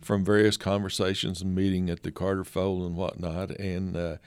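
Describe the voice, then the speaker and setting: Older man, low-pitched, dry close sound, folksy anecdotal storyteller. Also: flat delivery, normal speed, a little mellow, clear, resonant tone, no echo. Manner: folksy, anecdotal, many fillers. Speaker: photographer guest. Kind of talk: storytelling in conversation.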